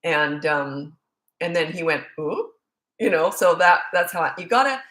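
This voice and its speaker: A woman's voice: deep voice, animated, moderate pace, fairly bright tone. A middle-aged woman, a parenting coach, answering questions in a casual, blunt and joking way, rambling with asides. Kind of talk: casual Q&A monologue. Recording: roomy echo.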